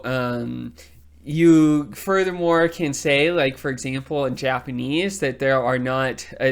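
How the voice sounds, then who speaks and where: A lecturer from Texas with a Texan accent, explaining ideas in a casual, thinking-aloud way with many fillers and tag questions. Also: mid-range voice.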